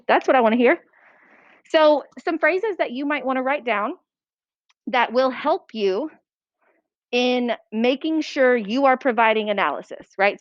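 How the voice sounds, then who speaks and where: A woman teaching a writing lesson to a class, brisk and checking that students follow. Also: medium pitch, dry recording. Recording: dull lo-fi classroom recording.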